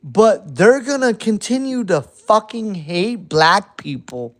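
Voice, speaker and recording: A man giving a heated, profane late-night rant, swinging between shouting and muttering. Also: high voice, big pitch swings, slow pace. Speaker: vlogger.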